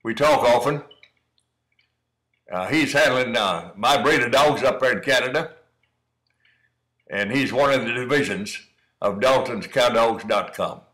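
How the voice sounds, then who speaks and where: A man's voice: medium pitch, measured pace, long pauses, sharp tone, rough recording. A middle-aged man giving folksy, encouraging running commentary on dog training, calling the listener son. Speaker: cowdog breeder commenting on training footage. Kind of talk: casual running commentary over video.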